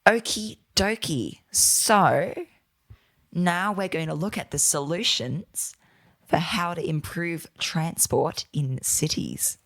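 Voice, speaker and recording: A man's voice: a little high, slow pace, fairly bright tone. A British man co-hosting a podcast, talking casually with frequent fillers and corrections. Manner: chatty, with many fillers and self-corrections. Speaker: podcast co-host.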